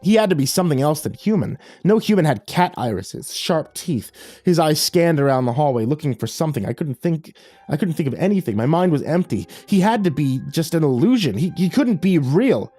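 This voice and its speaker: Man narrating horror in a dark, dry voice. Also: on the high side, expressive, brisk, no echo. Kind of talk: scripted first-person horror narration.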